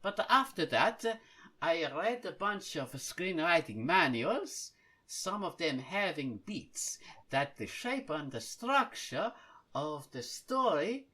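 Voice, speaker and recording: Man doing a cartoonish Italian-accented fellow, loud, hesitant uhs, slow and lively, bright tone. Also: fairly high pitch, exaggerated voice. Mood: earnest. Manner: sprinkles exclamations of mamma mia, hesitant with many uhs. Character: exuberant Italian-accented man reading his own forum post. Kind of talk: reading a listener post aloud in a put-on accent.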